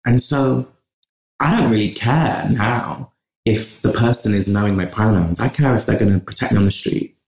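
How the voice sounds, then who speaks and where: This podcast guest from England has a gravelly, lowish, darkish voice at normal speed. Passionate throughout the conversational interview, he speaks in long stretches and often restarts, captured in a room with noticeable echo.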